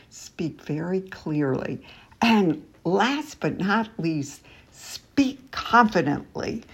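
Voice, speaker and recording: Gravelly older woman giving teaching tips. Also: medium pitch. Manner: cheerful, laughs often between points. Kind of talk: casual teaching tips to camera.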